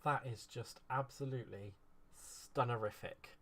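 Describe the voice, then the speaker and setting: A man's voice: medium pitch, unhurried, fairly bright tone. A man chatting casually as a craft vlogger, gushing over card-making supplies. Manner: gushing, effusive. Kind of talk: casual craft unboxing chat.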